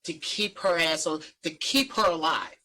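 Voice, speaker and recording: Bright-voiced man ranting in a casual chat. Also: a little high, moderate pace, poor audio. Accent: Philadelphia. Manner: heated, profane, repeats himself while ranting. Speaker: podcast co-host.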